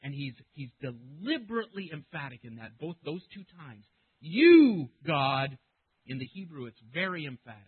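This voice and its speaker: A man preaching a sermon as pastor, speaking emphatically and getting loud when he quotes scripture. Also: on the high side, lively intonation, fairly quick, few pauses, breathy edge. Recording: narrow phone-like sound.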